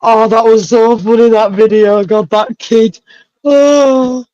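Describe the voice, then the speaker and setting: A woman hosting a casual livestream chat, talkative and quick to exclaim. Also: on the high side, fairly even intonation, warm tone, no echo, highs cut off. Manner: chatty, exclaims and laughs often. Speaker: livestream host.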